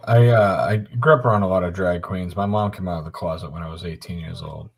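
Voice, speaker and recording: A man's voice: deep voice, quick pace, vocal fry, a little hiss or hum. A middle-aged man telling a long, profane anecdote in casual chat on a live stream. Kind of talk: casual storytelling.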